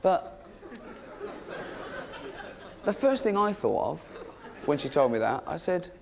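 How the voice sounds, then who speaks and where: A man's voice: on the high side, sing-song, slow, creaky, a faint crowd. A middle-aged man doing stand-up, telling anecdotes and acting out the other people's voices, often breaking into laughter at his own punchlines. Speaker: stand-up comedian. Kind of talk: stand-up storytelling.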